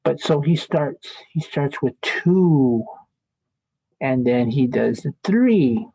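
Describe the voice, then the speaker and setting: A man's voice: mid-range voice, lively intonation, slow, creaky, warm tone, no room sound, poor audio. A man teaching statistics in a classroom lecture, chatty and joking as he thinks aloud at the board.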